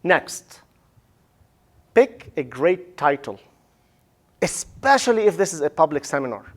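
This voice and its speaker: A male professor giving a casual, animated lecture on public speaking. He often asks "right?" and acts out the listeners' reactions. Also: high voice. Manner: casual, says "man" and "right?".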